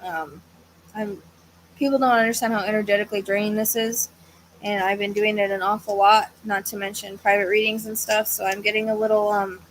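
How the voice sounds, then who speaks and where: A woman's voice: medium pitch, steady tone, fairly quick, a little hiss or hum, poor audio. A woman hosting a psychic livestream, chatting casually in a tired, hesitant, rambling way with many fillers, yawning at times. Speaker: psychic medium livestream host. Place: at home with a fan running.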